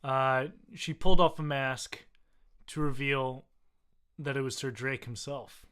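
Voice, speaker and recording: A male podcast co-host telling an absurd story with deadpan delivery and casual swearing. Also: medium pitch, unhurried, clean tone. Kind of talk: comedic storytelling.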